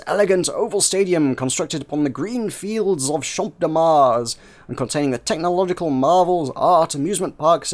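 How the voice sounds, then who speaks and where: A man reading a narrative game aloud for viewers, narrating with frequent slips and restarts. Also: a little high.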